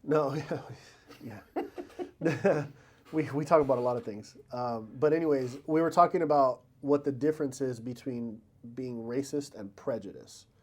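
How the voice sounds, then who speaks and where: A man's voice: medium pitch, a little slow. A man co-hosting a casual podcast, rambling and correcting himself as he jokes along. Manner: rambling, self-correcting, jokey. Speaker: podcast co-host.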